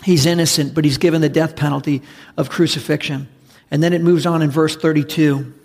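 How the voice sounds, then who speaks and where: Male pastor, sermon delivery, gravelly voice a touch above average pitch, long church reverb. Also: fairly even intonation, a little fast, darkish tone, soft background music. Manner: conversational, emphatic preaching with repetition. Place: church sanctuary.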